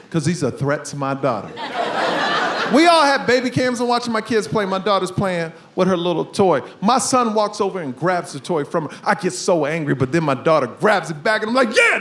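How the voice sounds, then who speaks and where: A man in his thirties doing a stand-up comedy set on a club stage, with animated, punchy delivery and shouted punchlines. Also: high voice. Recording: echoey room with background noise.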